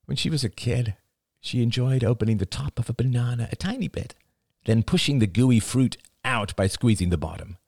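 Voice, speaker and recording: A man narrating an audiobook in a measured, deliberate way, sometimes dropping to a hush for emphasis. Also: mid-range voice, lively intonation, gravelly, breathy edge, no echo.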